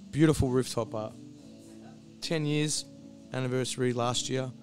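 A hoarse man with a husky voice, chatting casually and rambling before a live stream, swearing freely and losing his train of thought. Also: mid-range voice, steady tone, moderate pace, darkish tone, soft background music. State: hoarse, voice recovering. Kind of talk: casual pre-stream chat. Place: hostel.

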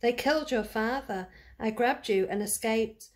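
A woman voicing a poor, sick, worried widowed mother in a read-aloud storybook, with a higher, pleading voice. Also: measured pace, natural voice. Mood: earnest.

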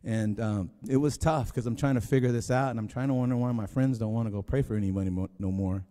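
A man's voice: mid-range voice, fast, mellow. A man preaching a sermon as pastor, telling a story in a rambling, conversational way with many restarts. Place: church sanctuary. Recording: long hall reverb.

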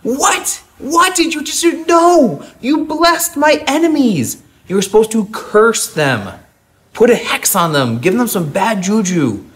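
A man's voice: high-pitched, very animated, measured pace, pitched above the performer's own voice. A man playing an angry foreign king who ranted at a prophet who failed him. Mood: outraged. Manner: shouting, indignant.

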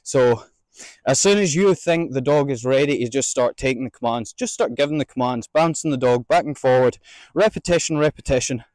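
A man training a sheepdog outdoors, explaining each step and calling out drawn-out commands to his dog between explanations. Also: mid-range voice, darkish tone, dry recording. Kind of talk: outdoor instructional demonstration.

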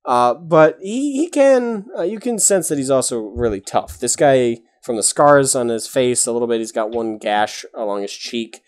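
A man's voice: mid-range voice, animated, normal speed, hardly any pauses. A man narrating as game master of a tabletop game, casual and full of fillers. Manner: casual, rambling with many fillers.

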